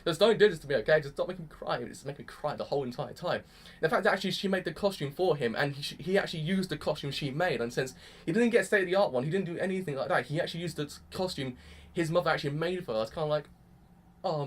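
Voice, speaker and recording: Fast-talking, excitable young man. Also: fairly high pitch. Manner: gushing, excitable, peppered with mild swearing. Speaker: anime reviewer. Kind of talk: casual reaction commentary.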